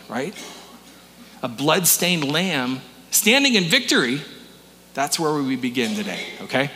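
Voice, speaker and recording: A man's voice: fairly high pitch, bright, forceful tone, big-room sound. A man pastor giving a conversational sermon in a church, asking the congregation questions and restarting his words. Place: church sanctuary.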